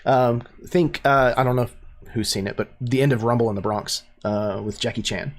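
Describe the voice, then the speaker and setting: A man's voice: medium pitch, fairly even intonation, moderate pace. A man narrating as game master of a tabletop game, full of fillers and restarts. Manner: hesitant, many fillers.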